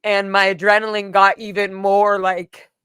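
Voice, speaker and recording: Smooth-voiced woman telling a personal story. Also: medium pitch, flat delivery, normal speed, fairly bright tone, no echo, clean studio sound. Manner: rambling, emotional retelling with frequent "like" fillers. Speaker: vlogger recounting a personal event. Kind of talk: casual storytelling to camera.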